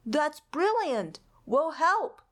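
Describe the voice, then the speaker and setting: A woman's voice: a little high, sing-song, slow. A woman voicing a bold, helpful boy mouse in a storybook read-aloud, sounding upbeat and enthusiastic. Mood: excited.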